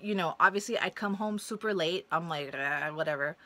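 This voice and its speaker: Brisk and mid-range, this young woman's voice carries a casual personal story told to camera. The vlogger is blunt and profane, animatedly acting out the voices of the characters as she goes.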